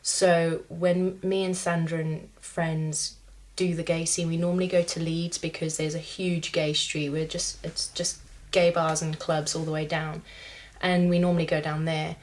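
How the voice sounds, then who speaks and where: A woman's voice: low voice, flat delivery, measured pace, few pauses. A young woman, chatting casually to camera, rambling with fillers as she tells a story. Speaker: vlogger.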